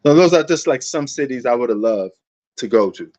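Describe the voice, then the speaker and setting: A man's voice: medium pitch, animated, a little fast, darkish tone, highs cut off. A man hosting a sports livestream, rambling in a laid-back, casual way and talking straight to his viewers.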